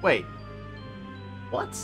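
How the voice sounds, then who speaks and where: A man's voice: extremely slow, fairly bright tone. An Australian man streaming a horror game, joking wryly and reading its text aloud. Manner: wry and jokey. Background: faint game music.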